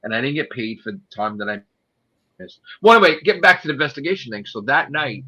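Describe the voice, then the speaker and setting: A man's voice: medium pitch, very animated, quick pace, bright, forceful tone, husky. A man telling a work story in a casual, profane and heated rant. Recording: dull lo-fi audio.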